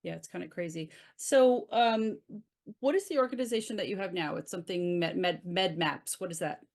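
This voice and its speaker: A woman hosting an interview, answering with short affirmations and asking relaxed questions. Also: fairly low pitch, moderate pace, gravelly. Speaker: interview host. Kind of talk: conversational interview.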